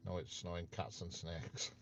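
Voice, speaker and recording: A man's voice: low voice, flat delivery, a little slow, vocal fry, fairly bright tone, slight background noise. A man hosting a casual live stream, chatting with viewers and playfully quizzing them. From north of England. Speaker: livestream host chatting with viewers.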